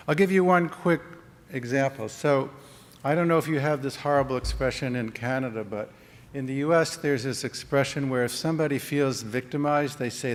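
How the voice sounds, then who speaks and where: A man's voice: mid-range voice, normal speed. Man lecturing in a reverberant hall. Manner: conversational, acts out example dialogues. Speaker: conference speaker. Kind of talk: conference presentation. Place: conference hall.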